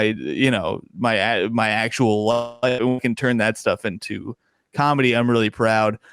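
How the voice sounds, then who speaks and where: A young man chatting as a podcast guest, swapping comedy stories with quick bursts of laughter. His voice leaps upward whenever something amuses him, and the sound is close and dry. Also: smooth, dry recording. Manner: animated storyteller, laughs often, pitch jumps when excited. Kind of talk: casual podcast interview.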